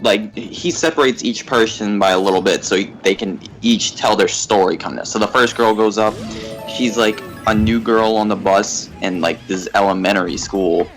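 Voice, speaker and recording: A young man on a gaming livestream, telling a rambling, animated story and laughing at it. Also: lowish voice, normal speed, soft background music, low-quality recording. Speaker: gaming streamer. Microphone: desk mic at a facecam setup.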